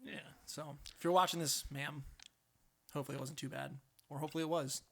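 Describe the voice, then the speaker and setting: Gravelly young man with wry asides. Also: on the high side, steady tone, quick pace. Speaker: podcast co-host. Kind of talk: casual chat.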